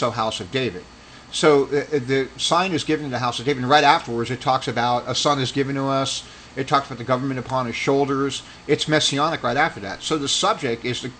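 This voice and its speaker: A man's voice: mid-range voice, a bit bright, a little hiss or hum, poor audio. A man giving a casual religious commentary monologue, rambling and argumentative, with heated accusing stretches. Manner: rambling with restarts.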